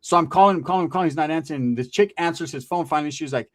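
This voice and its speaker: A man's voice: a little high, racing. A man telling a long stand-up story in a rambling, profane, slangy way, acting out the dialogue. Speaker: comedian.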